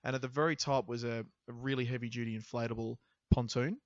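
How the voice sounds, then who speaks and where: A man co-hosting a podcast, telling a story in a casual, animated, jokey way and laughing often. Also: mid-range voice, fast, dry recording, dull audio. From half English. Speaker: podcast co-host.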